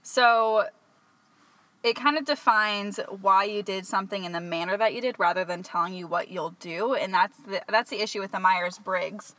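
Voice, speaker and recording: A woman from California with a Californian accent, hosting a casual podcast chat and explaining things in a relaxed, rambling way with fillers. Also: mid-range voice, moderate pace. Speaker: podcast host.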